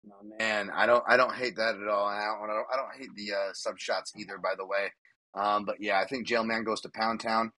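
On his podcast, a man talks sports betting in a loose, rambling way, joking around and laughing a lot. His voice is fairly low and sharp, level in tone, and a little fast.

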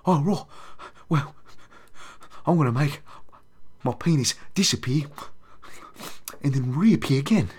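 A man putting on an impression of an older British actor, playing him as lecherous with a breathy, suggestive drawl. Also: a little high, expressive, a little slow, long pauses, darkish tone, pitched above the performer's own voice.

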